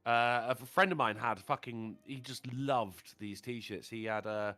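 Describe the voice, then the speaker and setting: A man's voice: mid-range voice, unhurried, bright, forceful tone, no room sound. A man, joking and telling stories in a casual podcast chat, swearing freely. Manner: swearing, jokey storytelling.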